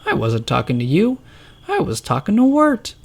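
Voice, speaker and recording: A man's voice: high voice, huge pitch swings, normal speed, creaky, slightly rough, pitched above the performer's own voice, heavily acted. A man doing a goofy, bouncy little boy. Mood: playful. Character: cheerful, silly little boy, carefree and playful.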